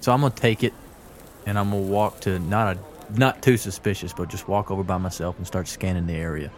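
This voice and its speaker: Casting: lower-pitched male player, hesitant casual table talk. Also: steady tone, brisk. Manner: hesitant, searching for words.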